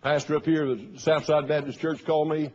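Pastor, man, mid-high husky voice, animated storytelling sermon. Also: brisk. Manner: storytelling preacher, acting out quoted voices loudly. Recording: dull lo-fi sermon recording.

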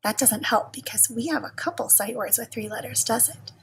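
A woman teacher giving a recorded lesson to young children, speaking in a slow, patient and encouraging way. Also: on the high side, a little hiss or hum.

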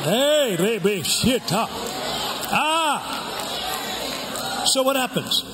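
A man's voice: very high-pitched, very animated, drawn-out words, over a noisy crowd. An older man preaching a sermon as pastor, drawing the congregation in with call-and-response questions. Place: church sanctuary. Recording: echoey hall with background noise.

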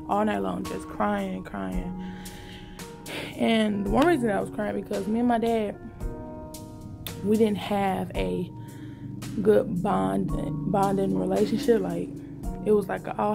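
A woman's voice: medium pitch, vocal fry. A woman talking casually and emotionally to her vlog viewers, rambling in slangy speech from a car. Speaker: vlogger.

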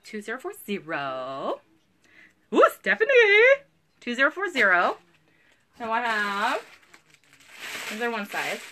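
A woman's voice: mid-range voice, big pitch swings, unhurried, pauses often, pushed and bright, a little hiss or hum. A woman, chatting bubbly and giggly through a live online clothing sale from home. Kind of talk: live sales stream chat.

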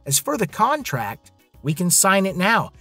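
A man's voice: high-pitched, wildly swooping pitch, unhurried, bright, forceful tone, husky, no room sound, soft background music, pitched above the performer's own voice, exaggerated voice. A man voicing a scheming, cocky rich young man who talks in a bossy, demanding way. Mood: smug.

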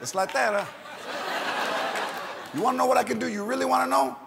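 A man hosting a late-night talk show, joking brashly with sudden shouting bursts in a studio before a live audience. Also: very high voice, fairly quick, creaky, a loud crowd, very noisy. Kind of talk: comedic monologue and interview. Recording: roomy studio with audience and music.

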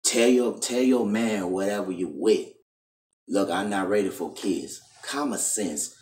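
A man's voice: lowish voice, expressive, moderate pace, a little mellow, distant mic. A man lecturing straight into his camera in a scolding, insistent tone, tacking "man" onto the end of his lines. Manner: repetitive, keeps ending lines with "man". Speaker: video preacher. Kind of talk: preachy monologue to camera. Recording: echoey room, voice off-mic.

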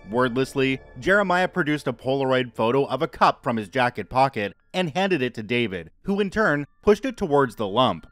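A man narrating a scripted horror story in a measured, even reading voice. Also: mid-range voice, faint music behind.

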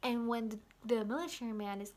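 A young woman casually recapping a film's ending, rambling with lots of "like" and excited asides. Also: a little high, a little fast. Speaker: vlogger.

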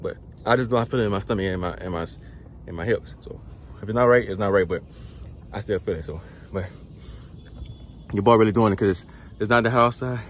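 Breathless from exercising in a truck lot, this young trucker rambles in slang to viewers in a casual workout vlog, laughing at himself. He talks fast in a fairly low voice, pausing at length, with slight background noise.

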